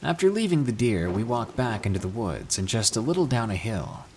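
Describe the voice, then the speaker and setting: A man reading true scary stories aloud, with an expressive storytelling delivery. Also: fairly low pitch, a little fast, slight background noise. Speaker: narrator.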